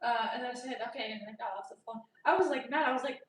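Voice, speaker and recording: A young woman vlogger telling a story in a casual, animated way, loud and laughing often as she acts out the dialogue. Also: on the high side, fast talker, distant mic, slight background noise. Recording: echoey room, voice from off-mic.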